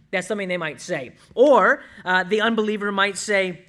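A male pastor delivering a sermon in a high, bright, forceful voice. He leans hard on scripture, drawing key words out slowly, then tosses off quick asides to his listeners. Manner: emphatic, slows down to stress scripture, asides to the congregation.

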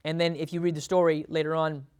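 A man's voice: on the high side, level tone, fast talker, a little mellow, clean tone. A man teaching a Bible sermon in a conversational way, laughing often and acting out quotes with a lifted voice. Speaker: preacher.

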